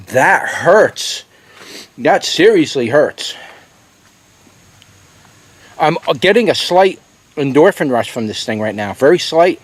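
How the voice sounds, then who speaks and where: A man reviewing a very hot pepper on camera, with watering eyes and a running nose, talking in halting bursts that repeat words between gasps. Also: a little high. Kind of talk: casual pepper review vlog.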